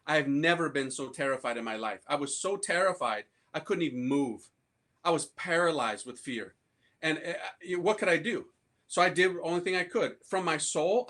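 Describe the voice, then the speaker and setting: A man from the United States, a priest, giving a casual and animated conversion testimony to an audience in slangy speech. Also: on the high side.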